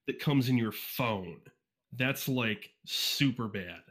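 A man from Northeast Ohio, a podcast guest who also reads fan audiobooks, chats loosely and casually on a podcast. He talks fast and informally, rushing his words with frequent fillers and quick restarts. His everyday mid-pitched, fairly bright voice is captured cleanly by a USB condenser mic.

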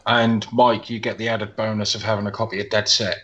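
A man's voice: on the low side, flat delivery, fairly quick, a bit bright, highs cut off. A man co-hosting a podcast, laid-back and casual with short agreeing replies. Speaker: podcast co-host.

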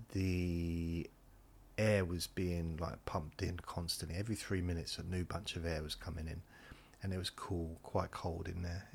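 A man's voice: sits low, vocal fry, slight background noise. A man hosts a podcast, rambling through a monologue meant to lull listeners to sleep and interrupting himself as he drifts between points. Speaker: podcast host.

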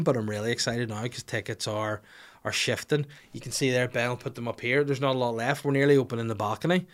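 A young man hosting a comedy podcast, swearing freely and acting out little scenes as he rants. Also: medium pitch. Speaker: podcast host.

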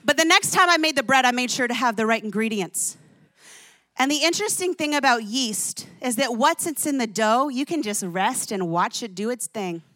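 A woman's voice: on the high side, expressive, normal speed, pushed and bright, dry recording. A woman in her thirties preaching a sermon, telling stories with emphatic, exclamatory delivery. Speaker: pastor.

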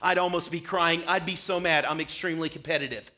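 A young pastor speaks fast in a slightly high voice, delivering a sermon to the congregation in the church sanctuary. His storytelling is animated, complete with acting out his childhood self.

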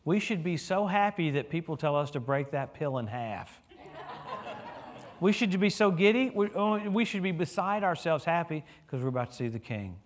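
A middle-aged man preaching a sermon in a church, telling stories with humor and swinging his voice up and down as he gets caught up. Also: moderate pace. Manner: animated storytelling with humor, lively pitch swings. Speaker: guest preacher.

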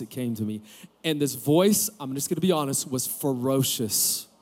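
A man's voice: medium pitch, darkish tone. A pastor in his forties preaching a candid sermon, telling a personal story with joking asides to a live audience. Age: 40s. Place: camp gathering room with audience.

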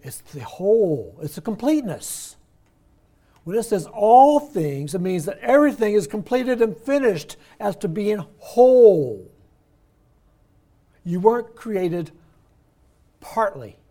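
An older man teaching a Bible study class, explaining word meanings in a conversational way and slowing down to stress key words. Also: high voice, very animated, mellow.

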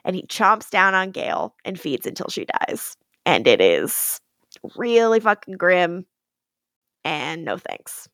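Animated woman recapping a show. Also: fairly low pitch, takes it slowly, no room sound, clean studio sound. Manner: animated, laughs often, swears casually. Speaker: podcast co-host recapping episodes. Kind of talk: casual chat recap.

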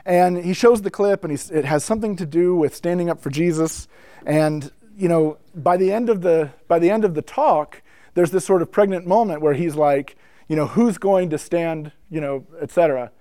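A man's voice: high-pitched, moderate pace, no room sound. A man from North America giving a casual talk on the history of church worship, acting out quotes and laughing as he tells stories. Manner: animated, acts out quotes, laughs while telling stories. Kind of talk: casual storytelling lecture.

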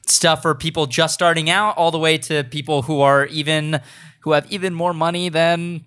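An upbeat man hosting a casual podcast, chatting with his co-hosts. His voice sits a little high and sounds bright and forward. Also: fairly even intonation, moderate pace, smooth. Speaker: podcast host.

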